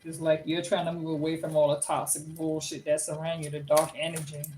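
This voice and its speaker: A woman's voice: low-pitched, level tone, fairly quick, a little mellow, slight background noise. A woman in her fifties giving a casual tarot reading to viewers, talking bluntly and chattily, swearing freely and then apologizing for it. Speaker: tarot reader.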